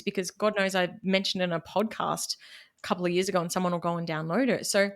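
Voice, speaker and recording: Lively woman with a Queensland accent. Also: lowish voice, fast talker. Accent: Queensland Australian. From Queensland, Australia. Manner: candid, animated, laughs at herself. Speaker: guest, marketing business owner. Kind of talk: casual interview chat.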